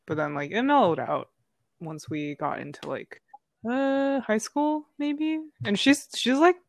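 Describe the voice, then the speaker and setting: A woman's voice: on the high side, lively intonation, a little slow, creaky, no echo, clean studio sound. A young woman chatting casually in an easygoing, teasing way. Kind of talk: casual chat.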